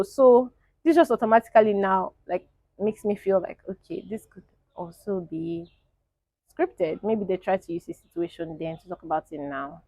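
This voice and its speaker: A young woman, giving animated, opinionated casual commentary as a show reviewer and laughing often. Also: medium pitch, no room sound.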